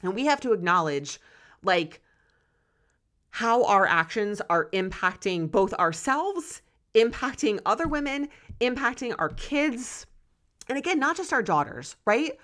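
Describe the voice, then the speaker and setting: A woman's voice: a little high, big pitch swings, a little slow, a bit bright. A woman in her forties hosting a solo podcast, talking candidly and passionately and swearing freely. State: close to tears. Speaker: podcast host.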